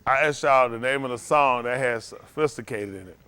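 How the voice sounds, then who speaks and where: A man hosting a casual trivia game, joking with the teams and getting animated when he argues his point. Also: a little fast, smooth. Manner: animated, jokey, rising to high exclaims. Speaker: quiz host.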